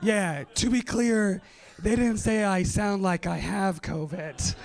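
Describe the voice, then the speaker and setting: A man doing a stand-up set on a festival stage, with a raspy, gravelly voice and a dry, self-deprecating delivery. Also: sits high, slow pace, darkish tone. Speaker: stand-up comedian.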